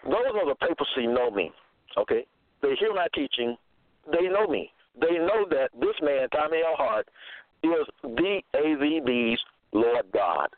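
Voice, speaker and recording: A man's voice: fairly high pitch, animated, dry recording. Man preaching over a tinny, phone-like line. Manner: halting, searching for verses aloud; repetitive, insistent. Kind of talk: self-made religious monologue citing scripture. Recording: narrow phone-like sound, dry.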